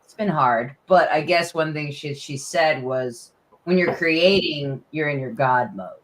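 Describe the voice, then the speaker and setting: A woman host in casual chat, speaking softly and reflectively. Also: deep voice, a little slow. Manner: soft, reflective, reads audience questions. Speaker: podcast host.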